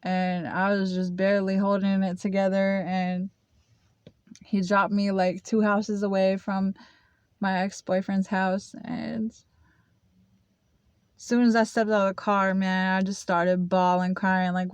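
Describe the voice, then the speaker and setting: A young woman talks to her camera, recounting a painful memory in a halting, confessional way. Her pitch stays flat and level while she fills gaps with ums and restarts. The sound is dry and close, with no room echo. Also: smooth. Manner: halting, full of fillers and restarts; confessional, emotional. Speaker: vlogger. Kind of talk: casual storytelling.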